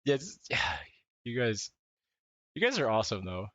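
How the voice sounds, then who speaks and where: A man livestreaming casually from his desk at home, laughing often, swearing and talking excitably to his chat. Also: mid-range voice, slow, no room sound, highs cut off. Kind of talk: casual live-stream chat. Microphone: desk mic, wearing wired headphones.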